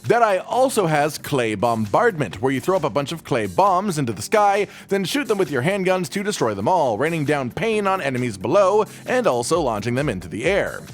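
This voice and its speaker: A man's voice: a little high, big pitch swings, a little fast, hardly any pauses. A man narrating a game guide voice-over in a casual, jokey way, with swearing asides.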